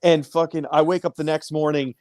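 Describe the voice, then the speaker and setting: Crude loud band dude on a livestream, kinda high voice, dry close sound. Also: male voice, flat delivery, fairly quick, no echo. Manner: crude, boisterous storyteller. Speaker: band member. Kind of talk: casual live-stream chat.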